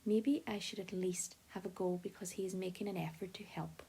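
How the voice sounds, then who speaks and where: A woman reads an audiobook aloud in first person. Her telling is lively and expressive. The voice is mellow and slightly husky. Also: medium pitch, brisk. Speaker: audiobook narrator.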